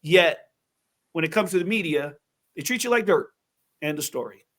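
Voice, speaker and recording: A man hosting an interview, telling stories in an animated way with quick asides. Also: a little high. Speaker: host. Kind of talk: casual interview chat.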